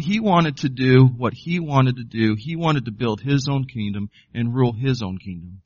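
A man's voice: medium pitch, normal speed, hardly any pauses, a little mellow, no echo, muffled recording. A man preaching a sermon as pastor, emphatic, often putting questions to the congregation.

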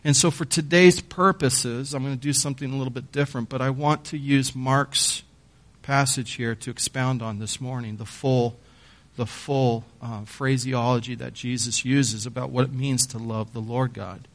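A man preaching a sermon as pastor, reading scripture aloud and then explaining it with emphatic pauses and a few repeated words. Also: mid-range voice, fairly even intonation.

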